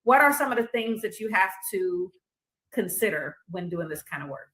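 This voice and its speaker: A woman hosting a talk show who asks gently probing questions in a conversational way. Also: mid-range voice, lively intonation, normal speed. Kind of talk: interview questions. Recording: roomy echo.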